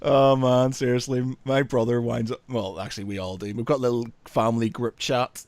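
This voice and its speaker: A man from England, chatting casually as a podcast co-host, laid-back and quick to laugh. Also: mid-range voice, little pitch movement, a little mellow.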